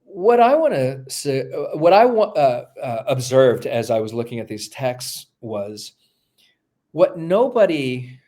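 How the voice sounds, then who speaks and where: A man of middle pitch explains ancient texts as a podcast guest. He lectures step by step, and his speech is dotted with fillers and false starts as he thinks aloud. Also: dark tone. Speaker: guest, New Testament scholar.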